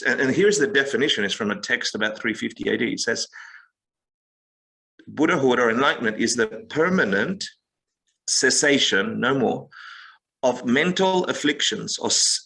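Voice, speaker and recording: A man with a bright, forward voice talks through spiritual ideas in a lively conversational way. He tells stories, acts out quick quotes and leans on game comparisons to make his point. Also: medium pitch, vocal fry, low-quality recording. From United States. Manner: expressive storyteller, acts out quotes, gaming analogies. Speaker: meditation teacher guest. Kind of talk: animated podcast conversation.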